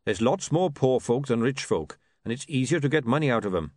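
A man voicing a shrewd, calm male dwarf printer with a blunt, businesslike manner. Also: medium pitch, a little fast, dry recording, natural voice.

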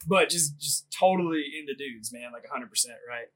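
A man's voice: medium pitch, brisk, a crowd in the background. A man in his thirties on a comedy podcast, telling a crude story in a rambling way, laughing often and leaning on filler words. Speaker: podcast co-host.

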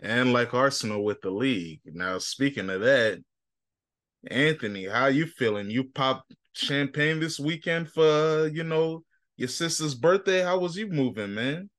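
A man's voice: mid-range voice, animated, measured pace, fairly bright tone, no room sound, clean studio sound. Laid-back man hosting a casual podcast. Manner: laid-back, slangy, teasing. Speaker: podcast host. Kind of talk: casual chat.

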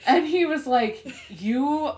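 A woman co-hosting a podcast, telling a story in casual chat, animated and profane. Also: on the high side, normal speed, echoey room. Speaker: podcast co-host.

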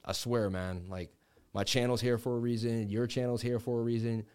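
A man's voice: mid-range voice, little pitch movement, normal speed, darkish tone, smooth. A man in his thirties from the Boston area, hosting a casual crypto livestream and telling rambling stories full of "like" and "you know, man.". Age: 30s. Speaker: crypto stream host.

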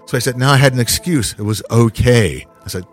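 A man's voice: medium pitch, brisk. A man, a guest dating coach, telling stories casually on a podcast and acting out his quotes. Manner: animated storyteller acting out quotes.

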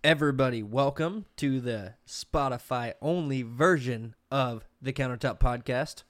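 A man's voice: mid-range voice, unhurried. Profane, easygoing podcast host man. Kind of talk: casual chat. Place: podcast room with a computer table.

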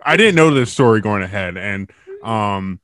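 A man's voice: on the low side, animated, moderate pace, fairly bright tone, no echo, studio quality. A man hosting a podcast, reacting to his guest with short remarks. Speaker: podcast host. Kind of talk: casual chat.

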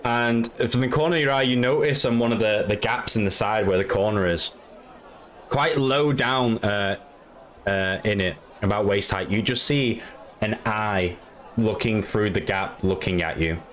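A man's voice: lowish voice, normal speed, a bit bright, slight background noise. A man narrating a tabletop game as game master, rambling with many fillers.

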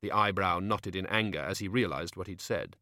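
A man narrating an audiobook with a measured, expressive reading. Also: low voice, no room sound, clean studio sound.

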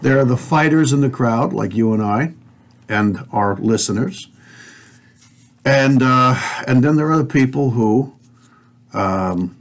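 A man in mid-range pitch hosting a talk show. He delivers a heated, preachy rant, swears freely and talks straight to his listeners. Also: a little slow, long pauses. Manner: fiery, profane, preachy, addresses listeners directly. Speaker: podcast host.

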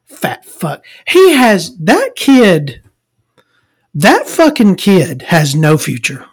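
A woman's husky, sing-song voice moves slowly through an exasperated, rambling story. She swears heavily, lurching from loud outbursts to low mutters.

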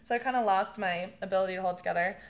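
Casual talk guest: young woman, animated storyteller, laughs a lot, swears freely. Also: medium pitch, very fast. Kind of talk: casual chat.

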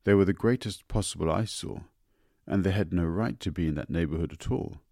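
A man reading a story aloud in a measured, deliberate way. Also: deep voice, vocal fry, mellow, no room sound, clean studio sound. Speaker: narrator. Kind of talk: audiobook narration.

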